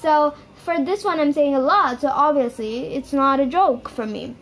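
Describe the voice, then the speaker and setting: A woman's voice: high-pitched, normal speed, slight background noise. A young woman telling a personal story in a casual, rambling way, circling back and repeating herself with lots of filler words.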